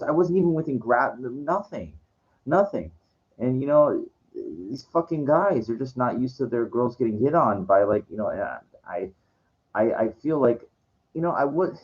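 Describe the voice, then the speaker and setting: A man's voice: mid-range voice, mellow. An older man telling a rambling, frustrated story in casual talk, swearing freely. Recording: dull lo-fi sound.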